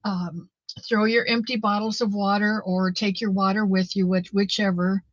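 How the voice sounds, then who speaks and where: A woman's voice: mid-range voice, little pitch movement, normal speed, dry recording, muffled recording. Motherly woman hosting a knitting stream. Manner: warm, motherly, talks straight to viewers; earnest and faith-filled. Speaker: host of a live knitting stream. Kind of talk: casual live-stream chat.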